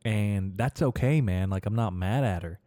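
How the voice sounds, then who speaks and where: A man's voice: fairly low pitch, normal speed, dark tone, dry recording, studio quality. A young man hosting his own podcast, rambling crudely and profanely through a casual solo monologue and laughing at his own jokes. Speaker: podcast host.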